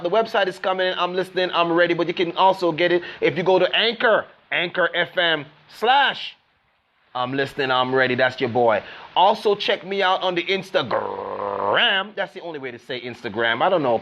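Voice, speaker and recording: Male motivational host, fairly high voice, upbeat and preachy, dull lo-fi recording. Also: a bit bright. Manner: preachy, upbeat, playful with wordplay. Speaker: motivational speaker and podcast host. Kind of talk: casual motivational monologue.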